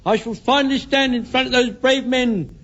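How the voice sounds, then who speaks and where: A very high, reedy old butcher soldier who is eager and breathless. He is fussy and flustered in every line, and the voice comes through a dull, muffled old radio recording. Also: fairly even intonation, normal speed, a bit bright. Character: elderly excitable male butcher, a devoted Home Guard corporal. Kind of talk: 1970s radio sitcom acting.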